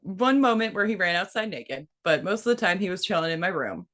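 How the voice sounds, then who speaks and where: A woman in her thirties casually telling a story, swearing freely and putting on a high voice when she quotes someone. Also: brisk. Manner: profane, animated, quotes her son in a high voice.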